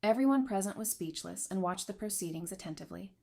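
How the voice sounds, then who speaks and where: A woman giving scripted narration of a romance comic recap in an even, steady storytelling manner. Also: mid-range voice, fast talker, gravelly.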